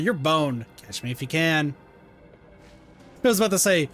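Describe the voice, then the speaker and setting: A young man streaming a game, chatting casually with self-mocking, animated remarks. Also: a little high, normal speed, soft background music. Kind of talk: casual gameplay commentary.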